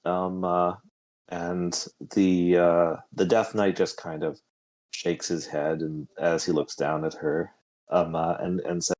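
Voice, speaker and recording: A man narrating as game master with halting speech and many fillers. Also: extremely low pitch, steady tone, a little mellow.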